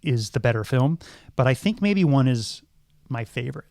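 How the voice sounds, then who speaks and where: A man's voice: medium pitch, lively intonation, normal speed, creaky, a little mellow, dry recording, studio quality. A middle-aged man and podcast co-host, talking through films thoughtfully, with many ums and restarts. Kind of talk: casual film discussion.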